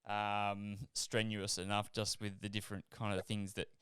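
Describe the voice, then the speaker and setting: A man's voice: on the low side, completely flat delivery, normal speed, a bit bright, clear, resonant tone, no room sound. A man hosting a podcast in casual chat, rambling and breaking off his sentences. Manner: rambling, self-interrupting. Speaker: podcast host.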